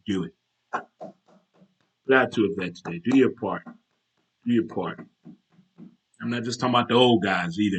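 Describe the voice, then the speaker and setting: A man hosting his own casual talk show, animated and chatty, breaking into military cadence chants. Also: lowish voice, husky. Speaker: show host.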